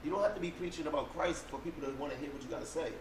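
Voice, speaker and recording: A man's voice: on the high side, rapid-fire, echoey room, background noise. A man in a casual podcast chat who makes his points like a preacher, asking questions as he goes.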